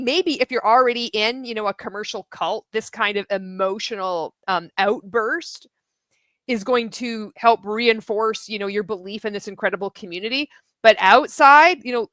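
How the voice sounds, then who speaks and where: A woman's voice: a little high, a bit bright, dry recording. A woman hosting a commentary video, sarcastic and exasperated, with mocking laughs and the odd swear.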